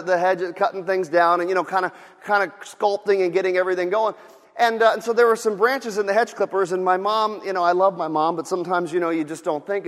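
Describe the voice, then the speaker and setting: A man preaching a sermon as pastor, animated, swinging from loud outbursts to quiet storytelling. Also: high-pitched, in a large hall.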